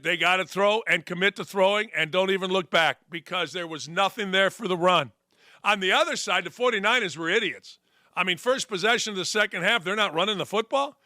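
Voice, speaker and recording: Brash, bright-voiced sports talk man. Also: high-pitched, dry recording, clean studio sound. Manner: brash, emphatic, swings loud on catchphrases. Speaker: sports talk show host.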